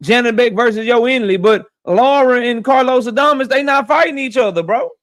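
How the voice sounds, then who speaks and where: Young man, very high voice, boxing talk host, blunt, cussing, repeats himself for emphasis, casual opinionated commentary. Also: normal speed, fairly bright tone.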